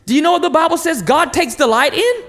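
A man in his thirties preaches with a voice pitched very high for a man. His delivery is lively, with the pitch swinging widely. He pleads and asks the congregation questions. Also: fast, big-room sound, soft background music. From North Carolina, USA. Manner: passionate, animated preaching with rhetorical questions to the crowd. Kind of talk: sermon.

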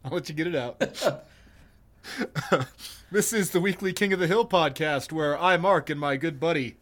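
A man co-hosting a casual podcast chat jokes crudely and swears freely. His voice is a little high and a bit bright, at a moderate pace.

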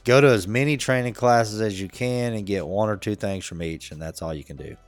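A man's voice: lowish voice, brisk, faint music behind. A man co-hosting a podcast, telling a work-trip story in a laid-back, joking way, laughing often. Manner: laid-back, laughs a lot, acts out quotes. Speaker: podcast co-host. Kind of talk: casual storytelling chat.

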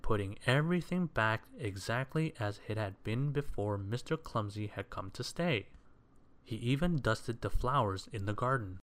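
A man reading a children's story aloud in a measured, expressive way. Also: lowish voice.

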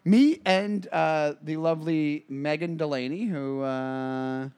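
A man's voice: on the high side, slow pace, darkish tone, clear, resonant tone. A man co-hosting a casual comedy podcast, telling rambling stories with lots of restarts and self-corrections. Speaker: podcast co-host.

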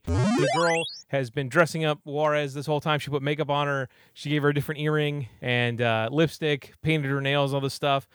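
A young man with a somewhat high voice tells a movie plot in a loose, rambling comic style. He fills his talk with "you know" and slips into quick silly voices for the characters. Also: a bit bright, clean tone, no echo, clean studio sound. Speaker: podcast host recapping a movie. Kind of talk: casual comedic movie recap.

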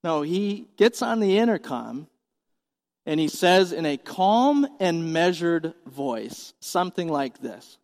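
A man's voice: a little high, very animated, slow, a little mellow, long reverb tail. A man in his forties preaching a sermon as pastor, earnest and emphatic, asking the congregation questions. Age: 40s.

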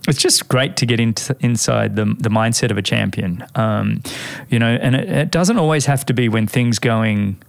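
A man's voice: medium pitch, normal speed, gravelly, no echo. A man hosting a casual interview podcast, chatty and friendly in tone, calling his guest mate. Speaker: podcast host.

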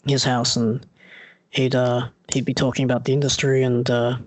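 A man in casual conversation recalling stories lively, with many small restarts. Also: mid-range voice, moderate pace, no echo. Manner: animated storyteller who acts out quoted voices.

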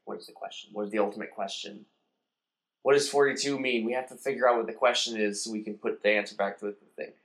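Man animatedly retelling a movie. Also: fairly low pitch. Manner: animated retelling, acts out characters in quick voices. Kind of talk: casual chat.

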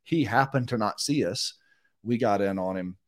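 A middle-aged man, a guest in a podcast interview, telling a long story in a casual, animated way and acting out what other people said. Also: on the low side, normal speed. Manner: animated, acts out quotes of others.

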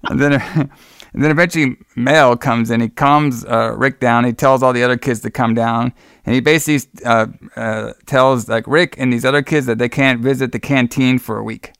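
A man's voice: medium pitch, steady tone, moderate pace, a bit bright, clear, resonant tone, no room sound, studio quality. A man co-hosting a podcast who recaps a movie in a rambling, laid-back way, laughing often and swearing freely. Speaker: podcast co-host. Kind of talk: casual movie recap chat.

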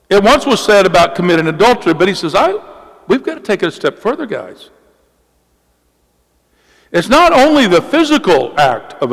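A male pastor preaches a sermon with emphasis, repeating key phrases and slowing for weight. His voice sits high and moves in lively swings. The long reverb of a church hall trails behind him.

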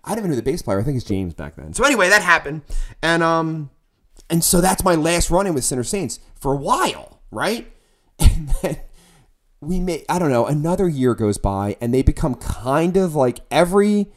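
A middle-aged man, a musician, telling a band story in casual podcast talk, animated and profane, acting out his own shouting. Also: on the high side, moderate pace.

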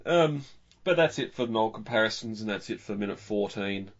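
This man co-hosts a podcast and rambles through a casual film discussion, often restarting. He speaks at a moderate pace in a lowish, animated voice, and the recording is dull and lo-fi.

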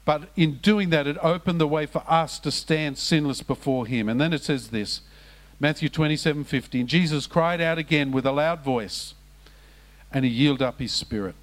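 A man preaching a sermon as pastor, passionate, dropping to hushed lows and rising to raised, emphatic cries. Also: normal speed.

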